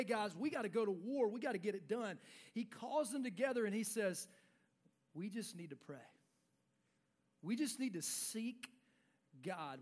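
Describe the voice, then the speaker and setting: High-voiced man preaching a sermon. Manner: preaching with dramatic pauses, dropping to a hush on key lines; reads scripture aloud, then restates it in casual words.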